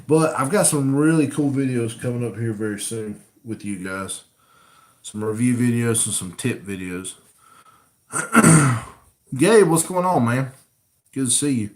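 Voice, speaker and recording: A man's voice: medium pitch, animated, unhurried, pauses often. A man hosting a casual live-stream Q&A, chatting easily and reading viewer comments aloud. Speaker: coon hunting channel host. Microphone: camera rig mic.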